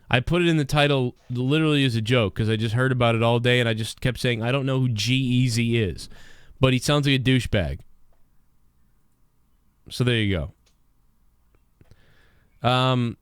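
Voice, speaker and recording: A man hosting a livestream show, talking in a rambling, profane rant, his voice worn and rough from years of yelling. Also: mid-range voice, no room sound, clean studio sound.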